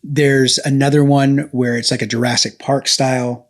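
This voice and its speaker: A man's voice: mid-range voice, little pitch movement, normal speed. Chatty, enthusiastic male podcast host. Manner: enthusiastic, talkative, storytelling. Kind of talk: casual podcast chat.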